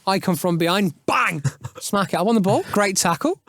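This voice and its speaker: A man hosting a podcast in a studio, telling football stories in an animated, swearing manner with laughs. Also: sits high, normal speed. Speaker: podcast host. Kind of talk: casual storytelling chat.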